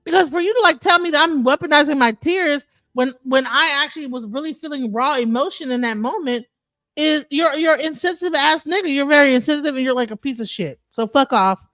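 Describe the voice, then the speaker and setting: A woman's voice: high voice, a little fast, a bit bright, no room sound. A woman on an online panel, indignant and insulting, often restarting her sentences. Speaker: panel participant. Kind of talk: heated online debate. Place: online audio space.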